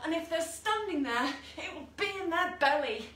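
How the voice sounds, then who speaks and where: A woman fitness instructor with a high, bright voice leads an online workout, counting down and cheering people on. She is recorded from a distance in an echoey room at home. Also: animated, normal speed, slight background noise. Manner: encouraging cues and countdowns with asides. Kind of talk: online exercise class instruction. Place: room at home, with a dog nearby.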